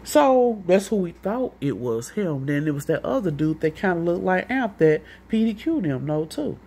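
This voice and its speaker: A woman's voice: lowish voice, big pitch swings, normal speed, mellow, slightly rough. A woman with a St. telling a long, rambling, profane story in a casual monologue, acting out what other people said. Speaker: vlogger.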